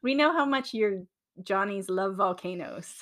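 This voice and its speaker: A woman's voice: medium pitch, expressive, measured pace, fairly bright tone. Teasing woman podcast co-host. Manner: teasing, laughs often. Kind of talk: casual podcast banter.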